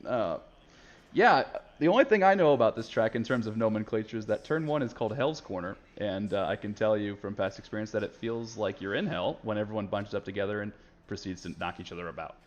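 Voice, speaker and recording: A man's voice: lowish voice, brisk. An upbeat man co-hosting casual commentary on a sim racing stream. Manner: upbeat, laughing, hamming it up. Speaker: race commentator. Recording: slightly lo-fi mic.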